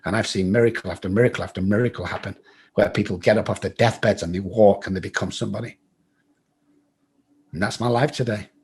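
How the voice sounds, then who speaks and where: His voice is on the low side, with fairly even intonation, a quick pace and a breathy edge. The speaker, a middle-aged Englishman with an English accent, is an interview guest narrating his life story bluntly, swearing freely and acting out what others said.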